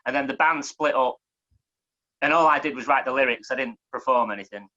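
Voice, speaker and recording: Bright-voiced Mancunian man, punchy delivery. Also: medium pitch, dull audio. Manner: fast, punchy delivery with swearing and wordplay. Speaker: guest poet. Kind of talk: performance poetry and casual chat.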